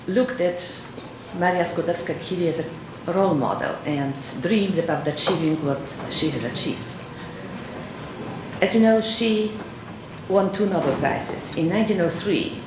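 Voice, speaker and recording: A woman from Poland with a Polish accent, giving an earnest, gracious acceptance speech at an awards dinner, pausing often and adding light humor. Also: sits low. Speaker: award recipient and scientist. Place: large dinner hall. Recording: echoey banquet hall with loud background noise.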